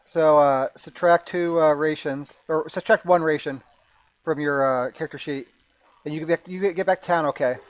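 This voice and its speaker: A man narrates a tabletop game as game master in a voice pitched a little high. He talks haltingly, full of fillers and restarts. The sound is dry and dull, like a lo-fi recording. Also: steady tone, no echo.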